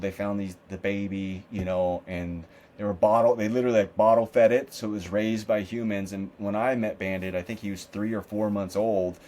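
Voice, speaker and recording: A man with a fairly low voice tells his stories as a podcast guest. He talks loose and profane and slips into the voices of the people he met. It is easygoing, conversational storytelling. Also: darkish tone. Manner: loose and profane, acts out other people's lines. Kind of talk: casual storytelling interview.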